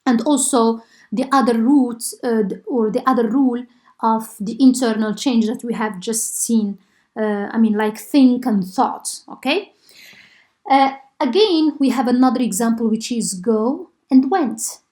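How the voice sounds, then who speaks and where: Woman lecturing, fairly high voice. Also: measured pace, darkish tone. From Morocco. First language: Arabic. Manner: explanatory, frequent "uh" and "okay?" check-ins. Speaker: linguistics lecturer. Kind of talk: university lecture.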